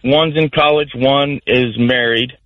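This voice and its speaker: A middle-aged man calling into a radio show, telling a rambling, warm-hearted family story. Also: mid-range voice, fairly even intonation, a little slow, no echo. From Florida. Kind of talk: casual call-in chat. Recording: muffled phone line.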